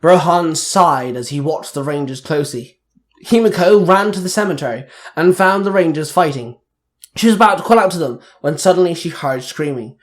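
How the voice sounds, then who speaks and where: A man's voice: a little high, moderate pace. A man narrating an amateur action story, reading fight scenes steadily.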